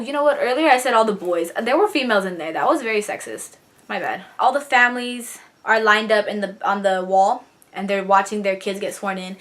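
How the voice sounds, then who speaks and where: A woman's voice: medium pitch, a bit bright. A young woman vlogging in a casual, chatty way, laughing now and then and getting teary as she talks about her brother. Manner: chatty, giggly, tearing up while reading a letter. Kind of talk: casual chat to camera.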